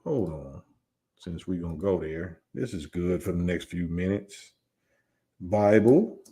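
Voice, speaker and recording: Argumentative man with AAVE, low voice. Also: unhurried, breathy edge. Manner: animated, argumentative, laughs often, rhetorical questions. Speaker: livestream host. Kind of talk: casual livestream commentary.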